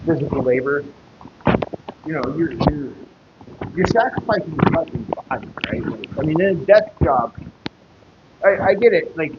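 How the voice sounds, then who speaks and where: A man telling a story on a casual live stream, swearing constantly and rambling. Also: fairly high pitch. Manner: profane, rambling, laughs while telling stories. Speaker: fitness streamer. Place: gym, echoey room. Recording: echoey hall, dull lo-fi sound, noisy background.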